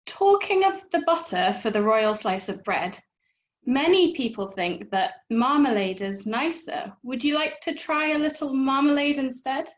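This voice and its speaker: A woman's voice: high-pitched, expressive, unhurried, dull audio. A woman voicing a polite, coaxing queen in a storybook poem.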